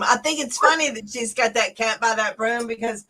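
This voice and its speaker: A Southern woman co-hosting a casual chat, folksy and joking, quick to laugh. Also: on the high side, bright, forceful tone, far from the mic, low-quality recording. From American South. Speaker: co-host.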